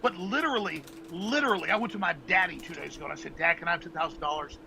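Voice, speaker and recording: A man's voice: on the high side, very fast, vocal fry, bright, forceful tone, a little hiss or hum, poor audio. A man hosting a show, ranting intensely and pleading with his audience, repeating himself and swearing. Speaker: host. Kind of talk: impassioned ranting monologue.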